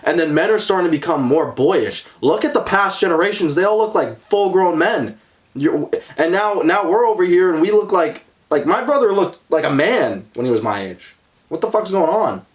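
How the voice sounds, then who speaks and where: Brash young male co-host, high and very animated, swears a lot. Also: normal speed. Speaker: podcast co-host. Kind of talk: casual chat.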